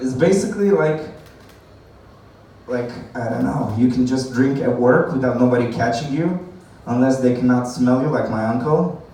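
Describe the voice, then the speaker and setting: Rambling stand-up comic in an echoey room. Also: male voice, mid-range voice, dark tone. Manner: rambling, laughs at his own jokes, swears. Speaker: stand-up comedian. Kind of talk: stand-up comedy set. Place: coffee house open mic night. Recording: echoey room from far off, faint noise.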